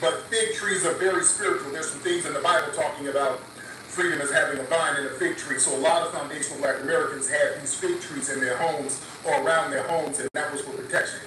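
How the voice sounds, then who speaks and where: A man's voice: fairly high pitch, steady tone, a little fast, noisy background. Earnest man in an echoey, distant clip. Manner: earnest, repeats his points and checks in with listeners. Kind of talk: casual spiritual talk.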